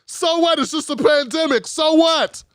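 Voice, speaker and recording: A man's voice: very high-pitched, normal speed, fairly bright tone, no echo, studio quality, pitched above the performer's own voice. A man voicing a petulant, bigoted male TV viewer, mocking him with exasperated, sarcastic complaints. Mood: whining.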